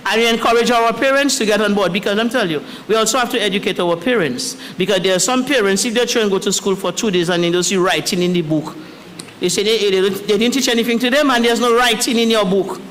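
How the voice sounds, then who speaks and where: A man with a Dominican accent, an education official speaking at a press briefing in an animated, chatty way. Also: high-pitched, quick pace. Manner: animated, chatty, breaks into song and counting. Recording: long hall reverb with faint background noise.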